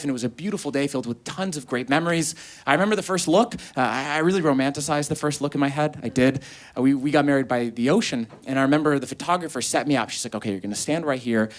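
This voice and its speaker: Man doing a stand-up set. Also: a little high. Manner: storytelling, quoting people in acted voices. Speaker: stand-up comedian. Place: comedy venue with a live audience.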